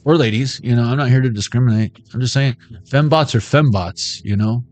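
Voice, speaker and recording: A man's voice: medium pitch, a little fast, a little mellow, soft background music. A man giving a rambling, playful pick-a-card tarot reading, riffing from joke to joke. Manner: playful, riffing, jumps between jokes and impressions.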